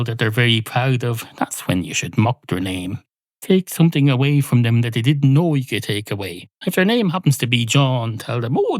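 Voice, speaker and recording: A man with an Irish accent delivering a rambling, mock-indignant comic monologue as a podcast host, swearing freely and jumping in pitch. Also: no echo. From Ireland.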